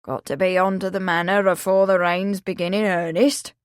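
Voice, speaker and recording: A woman's voice: flat delivery, no echo, clean studio sound, natural voice. A woman doing a gloomy old countryman. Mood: matter-of-fact. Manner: slow, mournful, lowered voice. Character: old countryman, lank, gloomy and slow-spoken.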